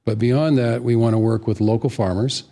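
A man's voice: mid-range voice, steady tone, normal speed, dark tone. A man appearing as a guest in a studio interview, chatting in an easygoing way and telling stories.

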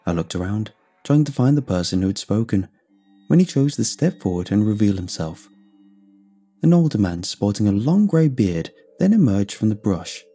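A man narrating a scripted first-person story in an expressive storytelling way. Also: fairly low pitch, normal speed, husky, faint music behind.

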